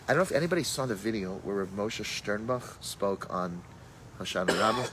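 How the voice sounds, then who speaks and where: A man's voice: fairly low pitch, a bit bright, slight background noise, rough recording. A man, a rabbi, teaching a casual Torah class and telling stories sprinkled with Hebrew and Yiddish terms, thinking aloud as he goes. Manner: thinks aloud with fillers and restarts.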